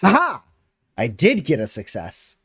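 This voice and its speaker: A man's voice: on the high side, huge pitch swings, unhurried, fairly bright tone, breathy edge, no room sound. Guy gm narrating a tabletop game, laughs a lot, dry sound. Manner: laughing, rambling, lots of fillers. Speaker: game master.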